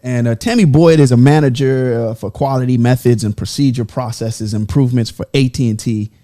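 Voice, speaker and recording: A man's voice: mid-range voice, brisk, warm tone. A man hosting a casual podcast chat, telling stories and laughing often. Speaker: podcast host.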